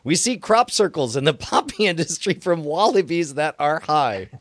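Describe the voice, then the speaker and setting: A man's voice: on the high side, sing-song, dry recording, clean studio sound. A man hosting a casual comedic news chat, laughing often and stumbling through his lines as he reads out quotes. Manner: giggly, halting, reads quotes aloud with laughs. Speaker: podcast host.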